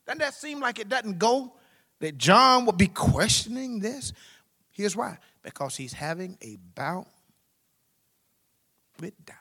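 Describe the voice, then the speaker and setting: A man preaching a sermon in a large hall, his voice high-pitched and strikingly bright. He swings between loud, soaring exclamations and hushed, low asides. A long reverb trails behind every phrase. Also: big pitch swings, slow, long pauses, breathy edge. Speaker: pastor.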